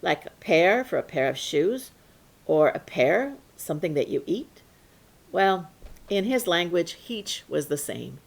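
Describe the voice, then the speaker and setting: A woman telling a folk tale to children, animated and playful. Her pitch swoops widely, and she drops to a hush and then leaps up again. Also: a little slow, gravelly. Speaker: storyteller. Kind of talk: storytelling for children.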